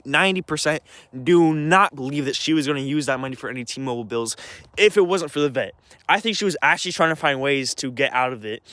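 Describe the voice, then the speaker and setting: A man's voice: mid-range voice, fairly bright tone, dry recording. Rambling, agitated young man, dry sound. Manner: rambling, agitated, many restarts and swearing. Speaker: vlogger. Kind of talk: casual storytelling rant.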